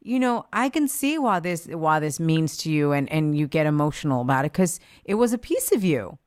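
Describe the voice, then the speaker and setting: A woman's voice: sits low, very animated, normal speed, dry recording, clean studio sound. A woman hosting an interview, asking upbeat, encouraging questions. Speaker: host.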